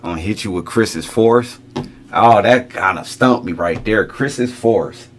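A man's voice: lowish voice, measured pace, loud music behind the voice. A middle-aged man hosting a reaction video, talking casually, repeating lines back to himself and chuckling as he muses over them.

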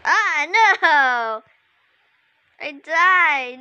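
Excitable high-voiced woman playing a game. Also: slow. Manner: excitable, exclaiming at the game as she plays. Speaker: gamer streaming her own play. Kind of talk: casual gameplay commentary.

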